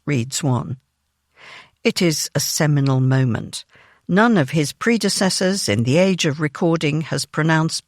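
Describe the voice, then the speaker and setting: A news magazine narrator reads a written feature in a measured, even way. The pitch moves in a lively way through each sentence. The voice is recorded dry and close, with no room sound. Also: no room sound.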